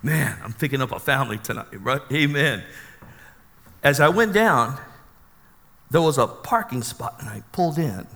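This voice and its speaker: Bright-voiced man telling a dramatic testimony. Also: medium pitch, normal speed, pauses often. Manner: animated, dramatic storyteller. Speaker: preacher giving his testimony. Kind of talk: sermon testimony storytelling. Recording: long hall reverb.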